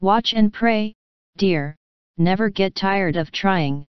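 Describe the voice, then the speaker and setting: A woman voicing a gentle, wise middle-aged mother who speaks calmly and tenderly in a storybook reading. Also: medium pitch, slow, clean tone, no echo, dull audio, natural voice. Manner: calm, tender, reassuring.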